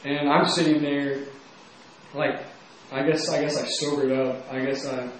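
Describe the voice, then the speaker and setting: A man's voice: on the high side, flat delivery, measured pace, slight background noise. Young man telling his story in an echoey room. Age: young adult. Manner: casual, rambling, heavy use of "like". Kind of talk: personal testimony. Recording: very echoey room, mic at a distance.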